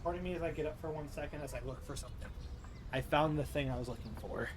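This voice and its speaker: A man's voice: a little high, fast talker, noisy background. A young man, chatting in a loose, rambling way as a tired streamer. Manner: rambling, full of fillers and restarts, tired. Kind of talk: casual rambling chat.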